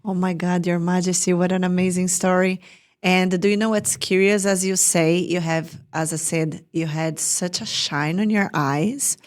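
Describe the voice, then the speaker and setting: A woman's voice: fairly low pitch, steady tone, normal speed. A woman with a Brazilian Portuguese accent hosting an interview, encouraging her guest with short affirmations. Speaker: interview host. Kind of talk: casual interview.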